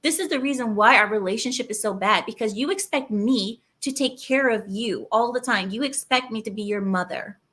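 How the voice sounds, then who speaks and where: A woman's voice: fairly high pitch, brisk, few pauses, a bit bright, lightly acted. A woman acting out an exasperated wife who scolds her husband about chores. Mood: scolding.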